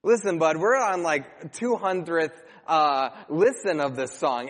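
A man in his thirties preaching a sermon as a pastor, telling a story in a chatty, animated way. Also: on the high side, a little slow, few pauses. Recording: long hall reverb.

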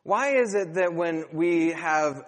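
Storytelling pastor in a reverberant hall. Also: male voice, a little high, takes it slowly. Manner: storytelling, animated, chatty with restarts. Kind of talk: sermon.

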